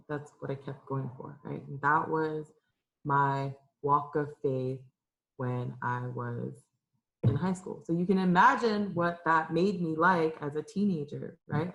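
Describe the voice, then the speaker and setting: A young woman from Los Angeles, California, who works as a youth minister, speaks in a low, fairly bright voice, sharing a candid, emotional personal testimony before an audience in a church room. She is tearful at times, with many fillers and restarts, and the audio quality is poor.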